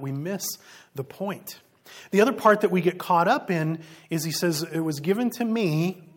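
A man delivers a sermon in a rather high, husky voice. He preaches earnestly but conversationally, posing rhetorical questions to the congregation and chuckling between points. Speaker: pastor.

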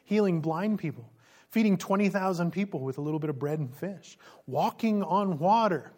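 A preacher giving an expository sermon in a lively way, asking the listeners questions and laughing now and then. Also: medium pitch, moderate pace.

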